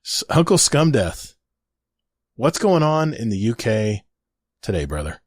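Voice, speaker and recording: Podcast host guy, low voice that swings around a lot, dry sound, casual. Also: big pitch swings, a little slow, dry recording.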